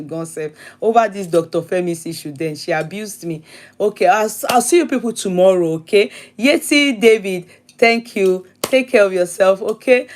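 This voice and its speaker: A middle-aged Nigerian woman hosting a live stream, chatting casually, reading out viewer comments and names and laughing often. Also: medium pitch. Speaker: host of a live commentary show.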